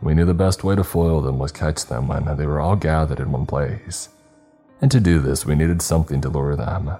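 A man voicing a calm, suave male supervisor who speaks smoothly. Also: a bass voice, moderate pace, faint music behind.

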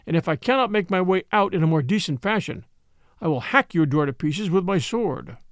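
A man's voice: sits high, animated, a little fast, no room sound, studio quality. A man voicing a proud young soldier who speaks in indignant, formal outbursts.

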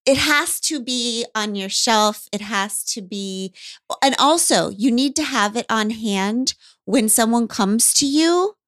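A woman's voice: a little high, slow pace, a bit bright, dry recording, studio quality. A woman co-hosting a podcast, speaking earnestly and emphatically to her guest. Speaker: podcast co-host. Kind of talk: heartfelt podcast conversation.

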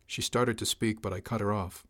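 A man's voice: fairly low pitch, fairly even intonation, moderate pace, a bit bright. A man reading a first-person story aloud, giving his captain's lines a dry, commanding tone. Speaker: narrator. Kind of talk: first-person audiobook narration.

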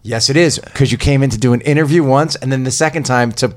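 A man with a Boston accent hosting a podcast in casual, animated interview chat, joking and affectionate with his guest. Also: medium pitch, fast talker. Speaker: podcast host.

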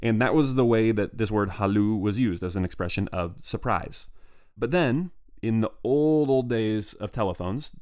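A man hosts a podcast of casual solo history narration, telling it in a loose, digressive, stream-of-consciousness way. His voice is fairly low in pitch and a little mellow.

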